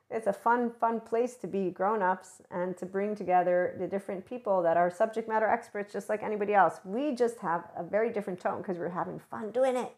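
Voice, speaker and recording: A woman hosting a casual channeled spiritual guidance talk, playful and animated, often acting out excited chatter. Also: mid-range voice, brisk. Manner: animated, playful, acts out enthusiastic voices. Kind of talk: spiritual monologue.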